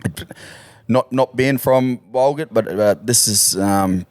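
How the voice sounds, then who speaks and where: A man, a rugby league player and podcast guest, telling stories in a relaxed, halting way and laughing easily. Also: mid-range voice, no echo, studio quality. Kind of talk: casual storytelling chat.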